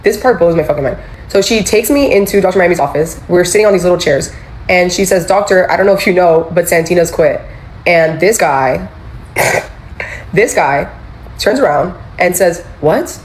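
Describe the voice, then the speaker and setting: Young woman, animated storyteller, acts out quotes, swears freely. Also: lowish voice, moderate pace, low-quality recording. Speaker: former employee telling her story. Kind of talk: casual storytelling.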